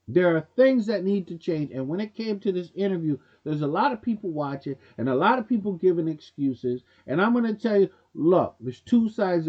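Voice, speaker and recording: Blunt high-voiced man, lo-fi sound. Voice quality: casual speech with dropped grammar. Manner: blunt, preachy, talks straight to viewers. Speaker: commentary show host. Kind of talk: opinionated monologue.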